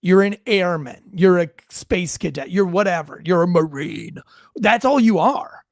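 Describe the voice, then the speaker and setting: Man, high voice, blunt, profane, ranting, dry close sound. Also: a little slow, dry recording. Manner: blunt, profane, wisecracking, reads chat aloud. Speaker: livestream show host and military veteran. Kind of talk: unscripted ranting commentary.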